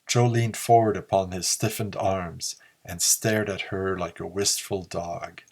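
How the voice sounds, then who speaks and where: A man narrating a pulp story in a slow, measured reading. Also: sits low, steady tone, a little mellow. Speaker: audiobook narrator.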